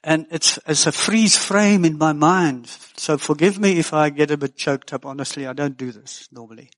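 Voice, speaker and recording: A man's voice: on the high side, normal speed, a bit bright. An older man preaching a sermon as pastor, folksy and earnest with joking asides.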